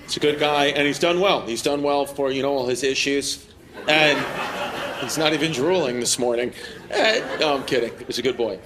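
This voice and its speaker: A male stand-up comedian teases his live audience with brash crowd work, and the room is audibly full of laughter and noise. He speaks at medium pitch and normal speed.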